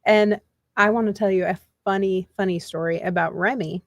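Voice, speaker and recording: Woman, radio co-host, gravelly, dry sound, animated, laughing storyteller. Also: medium pitch, normal speed, no echo. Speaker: radio talk show co-host. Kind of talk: casual radio talk. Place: radio studio.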